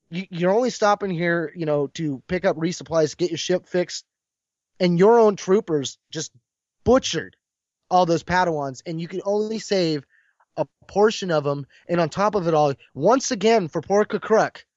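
A man's voice: on the high side, no room sound. A man in casual chat, retelling a comic scene with emotion and acting out lines. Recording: dull lo-fi dry sound.

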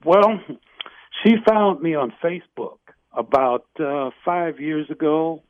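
A man's voice: fairly high pitch, expressive, takes it slowly, dry recording. A man calling in to a radio show, talking hesitantly and searching for words. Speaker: caller. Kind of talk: phone-in call. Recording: phone line.

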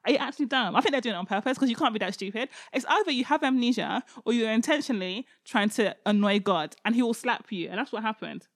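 A woman's voice: a little high, expressive, fast, hardly any pauses, no echo, studio quality. A woman co-hosting a casual Bible chat, ranting bluntly in disbelief. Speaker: podcast co-host.

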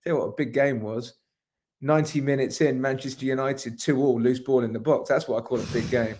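A man with an average pitch co-hosts a casual podcast. He talks in long, rambling, emphatic runs and swears now and then. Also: steady tone, a little fast, darkish tone. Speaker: podcast co-host.

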